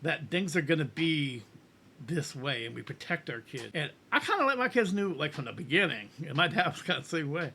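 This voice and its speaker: An earnest middle-aged man reacting to music, his voice sitting a little high and sounding bright and tense. He rambles and restarts his sentences as he works through his thoughts, like a host talking casually to the camera. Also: lively intonation, fairly quick, a little hiss or hum.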